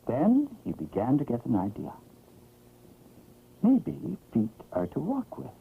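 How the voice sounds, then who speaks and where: A man narrating a children's story in a gentle, expressive storytelling manner, from an old animated film. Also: medium pitch, unhurried, vocal fry, a little hiss or hum. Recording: tinny, lo-fi old film sound.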